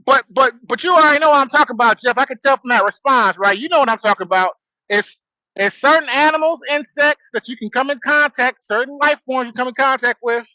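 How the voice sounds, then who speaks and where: A man's voice: very high-pitched, a little fast, pushed and bright, no echo, highs cut off. A man hosting a casual livestream from his truck on a headset, rambling in a laid-back way and greeting viewers. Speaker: livestream host. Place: outdoors, in a truck.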